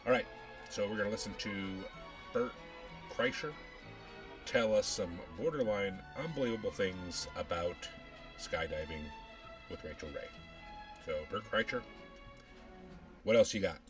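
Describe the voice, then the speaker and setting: A man's voice: lowish voice, measured pace, pauses often, far from the mic, music in the background, low-quality recording. A man hosting a reaction video, talking in a hesitant, laid-back way. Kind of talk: casual reaction commentary.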